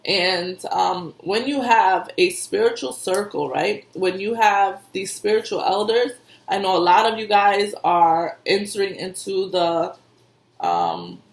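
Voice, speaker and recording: A woman's voice: mid-range voice, animated, slow pace. A woman who works as an intuitive reader and medium, giving casual spiritual advice in a conversational way, repeating herself and laughing often. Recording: echoey room.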